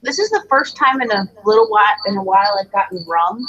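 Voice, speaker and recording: A woman's voice: mid-range voice, lively intonation, quick pace, fairly bright tone, highs cut off. A woman co-hosting a casual livestream, chatty and a little tipsy. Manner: chatty, tipsy, self-deprecating. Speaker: stream co-host.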